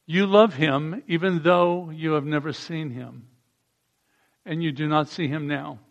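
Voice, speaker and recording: A man's voice: on the high side, steady tone, measured pace, gravelly, dull audio. A man preaching a sermon, reading scripture aloud and asking the congregation to repeat lines after him. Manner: reads passages aloud and leads call-and-response.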